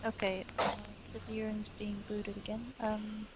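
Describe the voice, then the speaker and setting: A woman's voice: medium pitch, monotone, a little slow. Woman, tabletop player, giggly, unsure, noisy background. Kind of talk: casual game chat. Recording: noisy line.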